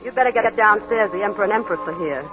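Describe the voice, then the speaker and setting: A woman's voice: medium pitch, fast, natural voice. Lady doing a witty sarcastic wife, 1940s radio, dull old sound, music underneath. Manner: sarcastic and playful. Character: witty, sharp-tongued young wife.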